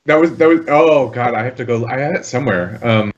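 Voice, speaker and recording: A man's voice: mid-range voice, fairly quick, muffled recording. A man in casual banter as a tabletop game player, self-deprecating and laughing at himself.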